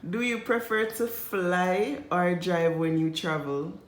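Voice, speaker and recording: A woman's voice: fairly low pitch, slow, slight background noise. A Jamaican woman hosting a casual vlog, asking her coworkers questions and laughing often. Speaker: vlogger host asking questions. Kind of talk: casual group chat. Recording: echoey room.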